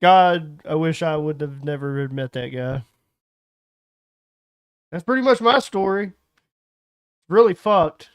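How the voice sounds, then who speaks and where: A man speaks as a player in a tabletop game, crude and rambling, with plenty of swearing. His voice is high and he talks slowly. The sound is dry. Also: expressive, clear, resonant tone, dry recording. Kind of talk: in-character tabletop chat.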